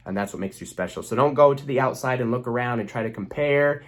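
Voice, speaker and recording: This young man has a mid-range voice and speaks quickly. He gives an earnest, motivational self-help talk to camera as a relationship coach, using repetition for emphasis.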